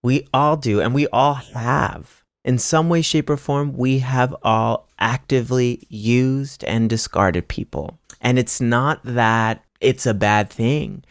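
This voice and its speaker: A man's voice: medium pitch, fairly even intonation, slow, few pauses, clean tone, no room sound, studio quality. A man hosting an astrology channel, giving a casual spiritual pep talk to viewers, emphatic and repetitive, with restarts and casual swearing.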